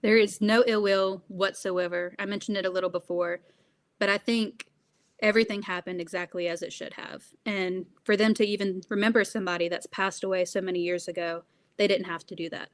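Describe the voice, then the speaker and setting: A woman's voice: medium pitch, steady tone, brisk. Earnest young woman being interviewed. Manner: earnest, with frequent laughs and fillers. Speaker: guest. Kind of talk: interview conversation.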